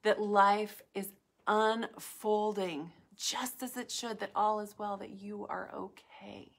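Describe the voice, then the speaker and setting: A woman talks slowly and gently to her viewers in a live talk, her pitch sitting at a middling level. She speaks in reflective, unhurried phrases, full of "like" and pauses, and at times drops almost to a whisper. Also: steady tone, gravelly. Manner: soft, reflective, with frequent "like" and pauses. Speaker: wellness speaker.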